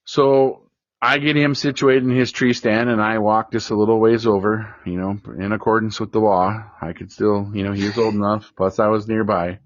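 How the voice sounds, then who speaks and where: A man hosting a casual podcast chat, telling a hunting story in a lively way and acting out the voices of people in it. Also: lowish voice, moderate pace, dry recording. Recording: dull, dry lo-fi sound.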